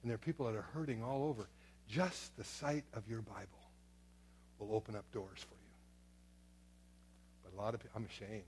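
A man's voice: lowish voice, fairly even intonation, a little fast, long pauses, slight background noise. A middle-aged man preaching a sermon as pastor in a church, talking in a conversational way with many asides and repeated words. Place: church sanctuary.

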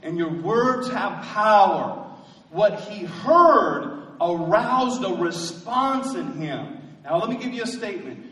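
A high-pitched man preaches to his congregation, pushing his lines hard and calling out to the room for answers. His voice rings through a large church hall with a long tail of reverb. It sounds a little distant from the mic. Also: animated, slow, bright, forceful tone. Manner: rising to emphatic call-and-response preaching. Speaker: pastor. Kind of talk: sermon. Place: church sanctuary.

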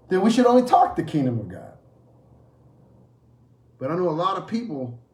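Preacher guy, kinda high voice, lots of ups and downs, repeats himself a ton, roomy echo. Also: darkish tone. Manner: emphatic, repeats phrases and asks rhetorical questions. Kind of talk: sermon.

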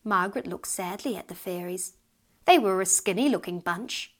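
A woman reading her own storybook aloud with gentle, expressive storytelling. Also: medium pitch, moderate pace. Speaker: author and narrator.

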